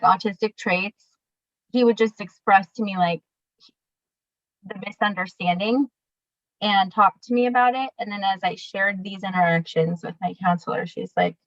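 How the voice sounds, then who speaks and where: Over a video call, a young woman guest talks candidly in a casual interview chat, full of fillers and laughs. Her voice is medium-pitched with no room sound, and the call audio is dull and dry.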